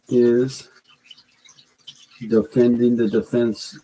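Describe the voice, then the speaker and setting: A man's voice: on the low side, unhurried, pauses often, a little mellow, husky, poor audio. A man working through rhyming lyrics aloud, trying lines over and over and then reciting the verse. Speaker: rapper writing lyrics.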